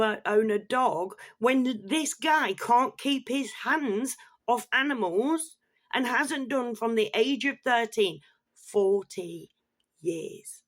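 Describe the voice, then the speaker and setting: Woman vlogger, angry sweary rant, blunt and loud, laughs now and then. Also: on the high side. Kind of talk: ranting commentary vlog.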